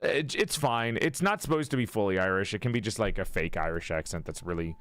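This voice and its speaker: A man's voice: fairly low pitch, expressive, a little fast, a bit bright, no echo, studio quality. A man chatting on a live stream, swearing freely, laughing often and correcting himself as he goes. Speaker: streamer and game player. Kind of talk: casual live-stream chat. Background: faint game soundtrack music.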